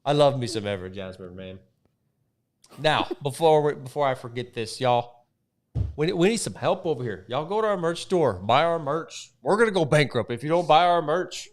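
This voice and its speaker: A man's voice: a little high, animated, normal speed. A man hosting a casual motorsport podcast, joking around and plugging merch and sponsors. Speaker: podcast host.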